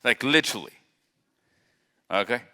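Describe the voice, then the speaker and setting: This live-event speaker, a man with a mid-range voice, chats casually from the stage of a large, stage-lit hall, cracking jokes and putting questions straight to the crowd. He talks at a normal speed with lively intonation, and his tone is pushed and bright. A long hall reverb trails his words.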